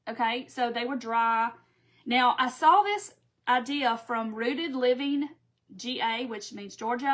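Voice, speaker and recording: A chatty middle-aged woman with a drawl runs a live craft stream, rambling from one aside to another and reading viewer comments aloud as she crafts. Her voice is slightly high with a fairly bright tone, and the talk is casual live-stream chat.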